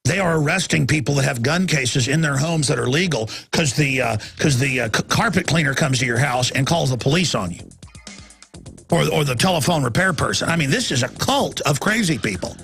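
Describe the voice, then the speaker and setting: A man in his forties hosting a radio talk show, ranting in an animated monologue and mocking people in high put-on voices. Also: a little fast, vocal fry, faint music behind.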